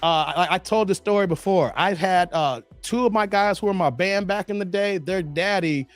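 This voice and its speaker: A man's voice: high voice, moderate pace, no echo, faint music behind. A man in his forties hosting a casual livestream, chatting with viewers, laughing often and breaking into bits of song. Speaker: host reading live chat.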